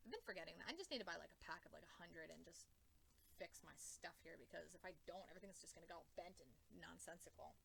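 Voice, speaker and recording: A woman rambling casually as a comics vlogger, excitable and gushing, swearing often and full of fillers. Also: lowish voice, fast, vocal fry, slight background noise, low-quality recording.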